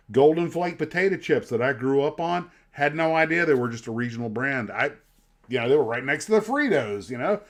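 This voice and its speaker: A man's voice: fairly high pitch, fairly bright tone. A middle-aged man from the United States hosting a livestream, telling rambling nostalgic stories full of asides. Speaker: livestream host. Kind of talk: casual chat.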